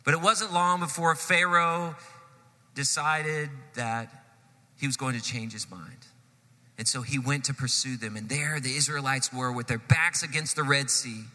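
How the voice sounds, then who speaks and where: A man preaching a sermon, telling a story with animated swells and sudden drops in loudness. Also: medium pitch, measured pace, in a large hall. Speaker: pastor.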